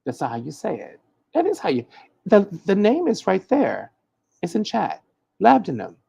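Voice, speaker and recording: Gravelly, animated livestream host man. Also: high-pitched, normal speed. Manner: playful, teasing himself over hard words; animated, stumbling through restarts. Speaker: host giving hoodoo readings and advice. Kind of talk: casual livestream chat, reading from the chat.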